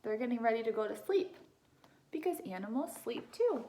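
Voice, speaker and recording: Woman, high voice, young adult, children's book read-aloud, gentle, questions for kids. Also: lively intonation, fairly quick. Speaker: teacher reading aloud.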